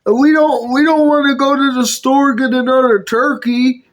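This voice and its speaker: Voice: high-pitched, fairly even intonation, moderate pace. A puppet video maker performing every character in a comedy skit, switching between bickering character voices.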